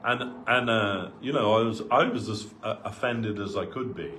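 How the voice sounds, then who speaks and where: A man giving a relaxed sermon through personal anecdotes, talking in an easygoing way with frequent asides. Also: on the low side, moderate pace, a little hiss or hum. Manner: conversational, full of asides, acts out quoted voices. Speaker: devotee giving a talk. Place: temple hall.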